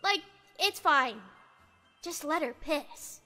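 A woman's voice: high-pitched, animated, slow, pushed and bright, soft background music. A woman streamer chatting casually, swearing a lot as she rants heatedly. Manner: profane, heated ranting. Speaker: VTuber streamer.

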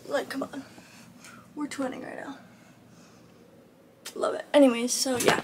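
A young woman talking candidly to the camera in a casual vlog, low and short of breath, often dropping to a soft near-whisper. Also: steady tone, a little slow, pauses often, heavy background noise. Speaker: vlogger.

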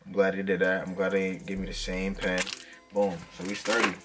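A man talking casually and excitedly as he unboxes fitted hats for his vlog, full of slang. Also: deep voice, brisk, over loud music. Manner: excited slangy hype talk. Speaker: hat vlogger.

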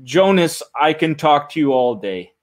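A man hosting a live online show, wrapping up an interview in an unhurried, announcer-like way. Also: a little high, very animated. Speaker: host.

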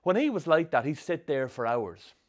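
An actor narrating a film as a troubled young Irish man with a Sligo accent, telling his rough youth in a dry, sardonic way. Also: fairly high pitch, very animated, normal speed. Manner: dry, sardonic storytelling with strong swearing. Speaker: narrator, the film's lead. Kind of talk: scripted film voice-over.

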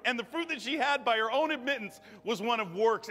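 Fervent high-voiced preacher man in a hall. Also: expressive, fairly quick, few pauses. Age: 30s. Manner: fervent, repeating phrases, rising to shouts. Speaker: guest preacher. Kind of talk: charismatic sermon and prayer. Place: church sanctuary. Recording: long church hall reverb with music.

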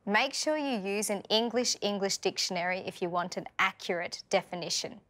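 A woman with an Australian accent teaching a scripted vocabulary lesson, speaking clearly and patiently and putting questions to learners. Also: mid-range voice, lively intonation, brisk, fairly bright tone.

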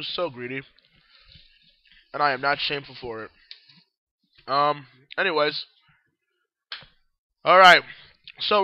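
Eating and drinking as he goes, a worn-out young man rambles his way through a casual solo newscast in a groggy voice. He sounds a little high, and the audio is dull.

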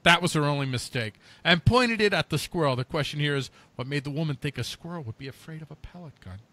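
A man's voice: a little high, lively intonation, fast talker, pushed and bright, no echo. A man co-hosting a podcast, playfully reading out odd news stories with mock outrage. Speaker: co-host.

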